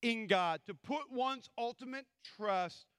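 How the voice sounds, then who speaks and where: A man preaching a sermon as pastor, animated and acting out the voices in scripture stories. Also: very high-pitched, slow, clear, resonant tone, dry recording, studio quality.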